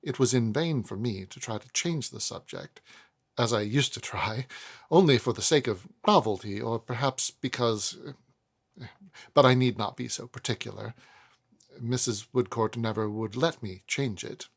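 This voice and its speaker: A man cold-reading a classic novel aloud in first person, expressive, with chatty asides to listeners. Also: medium pitch, normal speed, gravelly, husky. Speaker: audiobook narrator.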